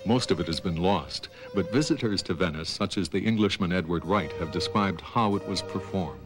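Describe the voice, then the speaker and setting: Male documentary narrator, very low voice, steady and measured, music underneath. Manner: calm, measured storytelling. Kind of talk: scripted narration.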